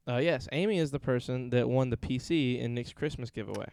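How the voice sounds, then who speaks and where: A man's voice: mid-range voice, brisk, a little mellow, clear, resonant tone, no room sound, clean studio sound. A man hosting a podcast from his home streaming setup, chatting casually, rambling and joking with a lot of swearing. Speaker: podcast host. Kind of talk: casual chat.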